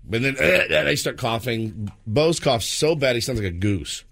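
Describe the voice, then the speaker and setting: A man's voice: mid-range voice, normal speed, creaky. A man in his thirties, co-hosting a radio morning show, telling a story with lots of acted-out voices. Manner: animated, acts out voices in his stories.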